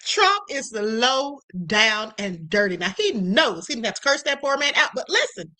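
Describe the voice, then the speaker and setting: A woman's voice: fairly high pitch, big pitch swings, normal speed, pushed and bright. A woman hosting a live stream, chatting opinionated commentary straight to her viewers.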